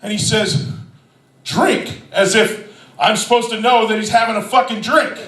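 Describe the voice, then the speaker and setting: A man doing a stand-up comedy set, telling a profane story with shouted quotes, animated and loud. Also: sits high, moderate pace, reverberant, distant mic, rough recording.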